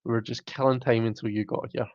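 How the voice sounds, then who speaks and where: A man's voice: mid-range voice, level tone, fast talker, darkish tone, dry recording, dull audio. A man with a British accent hosting a live stream, casually reading viewer comments aloud and chatting back in a self-mocking way. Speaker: livestream host.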